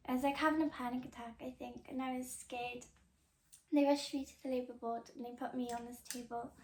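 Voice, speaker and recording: A young woman hosting a podcast, telling a personal story in a casual, chatty way, full of "like" fillers and soft confiding asides. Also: sits high, fairly even intonation, brisk, roomy sound. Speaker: podcast host.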